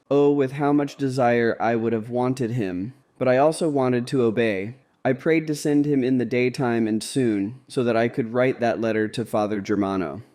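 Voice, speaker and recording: A man narrates a devotional diary in the first person, reading at a calm, measured pace. His voice is mellow and darkish, with an even, unhurried delivery. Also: medium pitch.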